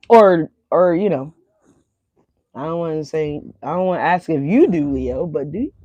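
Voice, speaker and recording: A woman's voice: on the low side, normal speed, darkish tone, no echo, clean studio sound. Rambling, cursing woman tarot reader. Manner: rambling, profane, laughing asides; repeats fillers, talks straight to viewers. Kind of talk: casual tarot reading.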